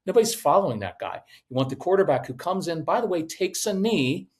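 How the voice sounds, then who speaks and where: A middle-aged man with a fairly high voice for a man, talking to parents in a direct, coaching way. He is animated as a podcast guest and slips into quick voices for the people he describes. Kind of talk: podcast interview.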